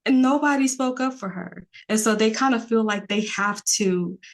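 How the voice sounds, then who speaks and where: A woman's voice: on the high side, normal speed. A woman, a podcast guest talking earnestly in a rambling casual way, with many fillers.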